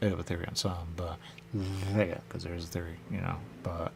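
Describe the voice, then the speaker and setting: Deep gravelly man rambling on radio. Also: level tone, moderate pace, background noise. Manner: loose, repetitive, musing, keeps saying "there you go". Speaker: radio show host. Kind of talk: rambling monologue.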